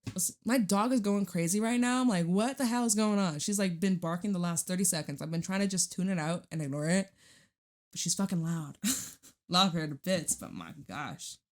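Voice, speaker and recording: At home, a woman does a casual tarot reading into a studio microphone, her lowish voice moving at a moderate pace with lively intonation. She's chatty and blunt, swearing and laughing a lot.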